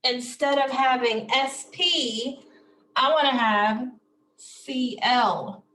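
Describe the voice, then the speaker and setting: A woman teaching a phonics lesson, slowly and patiently sounding out words and syllables for children. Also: a little high, fairly bright tone.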